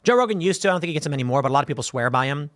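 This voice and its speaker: A man in his thirties talks through a live-stream show in a loose, rambling way, full of restarts and "like"s. His voice sits a little high and moves a lot. The sound is dry and close, with no room around it. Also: animated, very fast, a bit bright, dry recording. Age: 30s. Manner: rambling, conversational, with frequent restarts and "like". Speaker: show host. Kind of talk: casual live-stream commentary.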